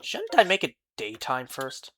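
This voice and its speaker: A streamer talks through a live gaming session in a relaxed, slow-paced way. The delivery rambles and keeps breaking into baffled, incredulous reactions to chat. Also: mid-range voice, slight background noise. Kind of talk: casual live-stream chat while playing.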